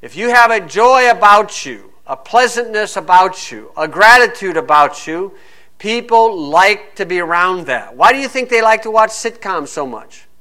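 A man's voice: high voice, lively intonation, normal speed, bright, forceful tone. A man preaching a sermon, full of rhetorical questions, acting out hecklers and reading scripture aloud.

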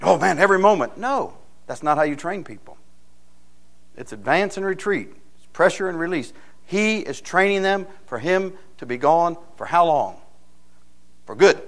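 Male pastor, sermon delivery, folksy storyteller with a slightly high voice and lots of rhetorical questions. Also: big pitch swings, a little slow, long pauses. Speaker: preacher.

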